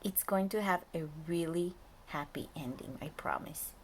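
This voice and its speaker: A woman reading a picture book aloud to young children as their preschool teacher, lively and often dropping to a soft whisper to talk to them. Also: lowish voice, moderate pace, slight background noise.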